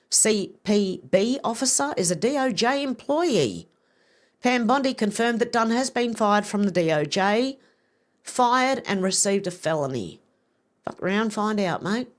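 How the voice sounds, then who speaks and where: Woman, livestream host; casual news commentary, blunt and profane. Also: mid-range voice. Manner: reads posts aloud with blunt, profane asides.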